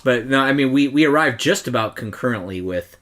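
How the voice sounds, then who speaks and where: A man in casual podcast banter, dry and wry, dropping the odd curse word. His voice sits mid-pitch with a bright, edgy tone. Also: expressive, fairly quick. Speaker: band member on podcast. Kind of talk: casual chat.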